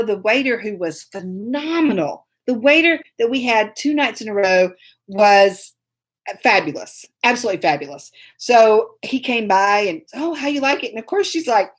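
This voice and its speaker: Woman rambling on her live stream, laughing a lot, saying hi to viewers mid story, phone on a tripod. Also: on the high side. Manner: rambling and chatty, breaks off to greet viewers by name; laughs often while telling stories. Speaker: host of a live online show.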